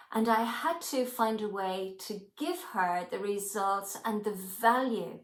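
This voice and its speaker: A middle-aged Irish woman, a hypnotherapy teacher, telling a candid personal story in a reflective way. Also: fairly high pitch. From Ireland. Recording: roomy echo.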